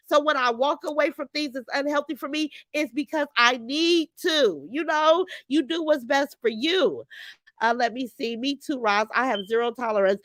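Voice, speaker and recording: A woman's voice: sits high, fairly bright tone, no echo. Chatty woman hosting a live chat. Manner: chatty, addresses viewers directly, reads comments aloud. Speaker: livestream host reading chat.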